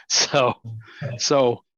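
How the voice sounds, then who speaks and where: A man's voice: extremely slow, no echo. Older Texan man telling stories. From Texas, USA. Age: 70s. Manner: animated, acts out quotes, laughs often. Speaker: interview guest. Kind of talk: reflective storytelling. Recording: dull, dry audio.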